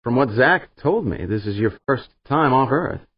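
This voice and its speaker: A man voicing an easygoing, friendly businessman in an audiobook, in a relaxed, plain manner. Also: medium pitch, a little slow, breathy edge, no echo, muffled recording, voice pushed up. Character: easygoing middle-aged businessman.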